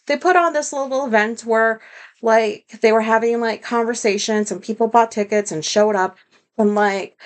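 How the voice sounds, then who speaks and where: A woman from the United States talking to camera in a casual storytelling monologue, rambling and candid, with lots of "like" and some swearing. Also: fairly high pitch. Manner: rambling, heavy use of "like", candid, swears, self-deprecating. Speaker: vlogger.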